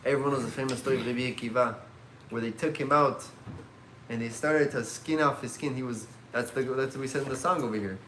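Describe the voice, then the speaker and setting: A man teaching a religious class as a rabbi, telling stories in an animated way and mixing in Hebrew terms. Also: mid-range voice, fast, slight background noise. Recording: echoey room.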